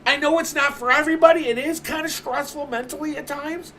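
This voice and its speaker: A man's voice: very high voice, fairly even intonation, a little fast, a bit bright, a little hiss or hum. A man streaming from home, telling a story in casual chat, swearing constantly and ranting with animation.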